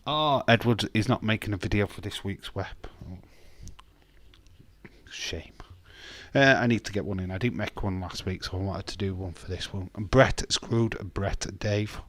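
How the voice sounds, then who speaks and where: Low-voiced man chatting on stream. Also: normal speed, hardly any pauses, a bit bright. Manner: chatty, reacting to chat comments with banter and mild swearing. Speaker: streamer reading chat. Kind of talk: casual live-stream chat.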